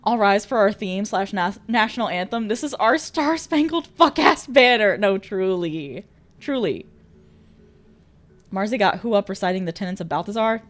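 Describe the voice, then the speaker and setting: A woman's voice: mid-range voice, animated, moderate pace, soft background music. A woman streamer chatting casually with viewers, bubbly, laughing often and swearing freely. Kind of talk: casual chat reading viewer messages.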